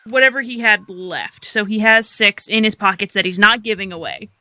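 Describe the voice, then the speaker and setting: Player in a tabletop game, halting and rambly, bright voice, dry sound. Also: medium pitch, no echo. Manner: hesitant, with many fillers and restarts. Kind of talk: casual tabletop game play.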